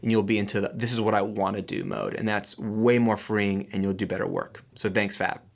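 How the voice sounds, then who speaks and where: A man's voice: fairly low pitch, little pitch movement, brisk, gravelly. A man hosting an audio mixing lesson, talking in an enthusiastic, conversational way with playful asides. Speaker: audio engineering educator. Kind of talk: casual talking-head lesson.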